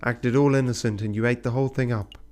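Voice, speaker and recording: A man's voice: medium pitch, steady tone, fast, darkish tone, natural voice. A man voicing a scheming noblewoman who talks in a mocking, contemptuous way. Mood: scornful.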